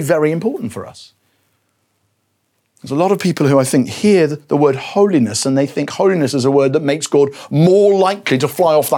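A man preaching a sermon, animated, taking on the voice of God's words with rising intensity. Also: on the high side, slightly rough. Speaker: pastor.

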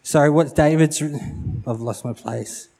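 A man's voice: fairly high pitch, measured pace, vocal fry, warm tone. A man preaching a sermon, acting out quotes and repeating phrases for emphasis.

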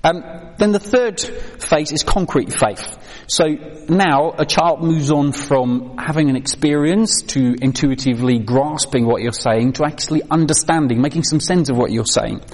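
A man with a slightly high, somewhat mellow voice speaks at a moderate pace during a training talk on children's faith in a hall with an audience. He chats informally, with many fillers and questions to listeners, and the hall sounds reverberant.

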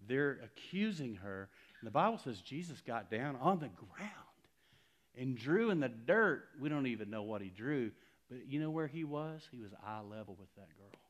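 A middle-aged man preaching to a congregation. His delivery is animated, rising to loud emphatic peaks and then dropping to soft, intimate near-whispers. He acts out quoted exchanges in a lively voice. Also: on the low side. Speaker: pastor. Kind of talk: sermon.

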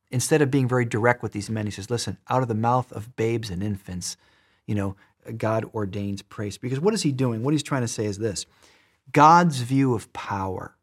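Husky-voiced man preaching a sermon. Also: medium pitch. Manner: emphatic, repeats words, shifts between loud and soft.

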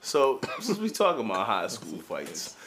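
A man's voice: lowish voice, huge pitch swings, moderate pace, a bit bright. A man hosting a podcast, telling profane stories in casual comedic banter and laughing often. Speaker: podcast host.

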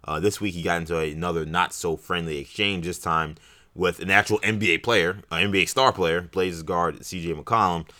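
A man's voice: low voice, steady tone, fairly quick, pushed and bright. A man co-hosting a podcast, talking sports casually and rambling with fillers and restarts. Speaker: podcast co-host.

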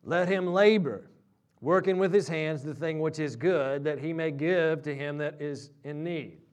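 Male pastor, sermon, slightly high voice, storytelling, climbs in pitch and volume at climaxes. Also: unhurried.

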